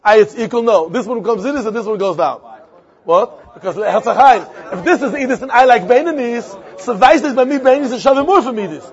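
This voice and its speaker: A man's voice: very high-pitched, lively intonation, a little fast. A man teaching a Talmud lesson, repeating phrases and posing and answering his own questions. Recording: dull lo-fi recording with faint crowd.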